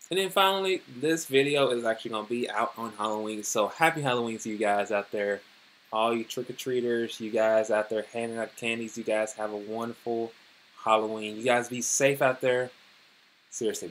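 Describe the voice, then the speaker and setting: A man's voice: medium pitch, fairly bright tone. A man giving a casual, rambling news commentary on his vlog, talking loosely and filling his sentences with "you know" and "like.". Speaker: vlogger.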